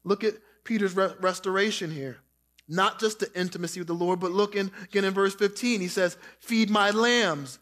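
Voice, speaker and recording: A man preaching a sermon, reading scripture and acting out quoted lines, dropping soft and slow for tender words. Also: high-pitched, steady tone. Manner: preaching with dramatic quoted voices, drops soft for Jesus' words. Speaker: pastor.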